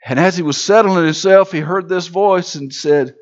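A man's voice: high voice, normal speed, hardly any pauses. A man preaching a sermon in a church, with a rhythmic, repetitive, building delivery, heard on a dull recording. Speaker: pastor.

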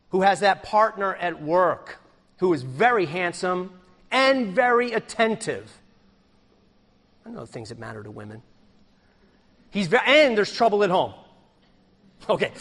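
A man's voice: sits high, fairly bright tone. A man preaching a sermon as pastor, acting out small scenes as he goes. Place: church sanctuary. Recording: long reverb of a church hall.

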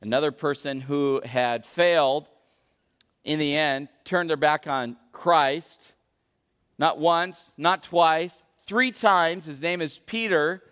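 A man preaching a sermon as pastor, questioning the congregation and swinging between loud emphasis and hushed intensity. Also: fairly high pitch, takes it slowly, smooth. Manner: questions the congregation and calls for answers. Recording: long reverb of a large hall.

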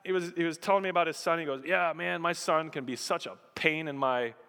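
A man preaching a sermon as pastor, impassioned, swinging from loud emphatic appeals to soft, hushed storytelling. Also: on the high side, a little fast, creaky, clean tone. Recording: long reverb of a large hall.

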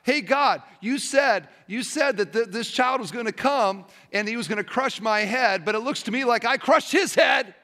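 A man voicing a triumphant, scornful male devil who shouts gleeful taunts. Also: very high-pitched, moderate pace, hardly any pauses, big-room sound, pitched above the performer's own voice. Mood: gloating.

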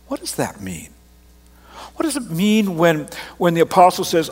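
Pastor with an Australian-Canadian accent. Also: male voice, high voice, wildly swooping pitch, moderate pace, breathy edge. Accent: mixed Australian and Canadian. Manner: self-deprecating, conversational preaching. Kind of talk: sermon. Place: large church auditorium on stage. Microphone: stage microphone. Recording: long hall reverb.

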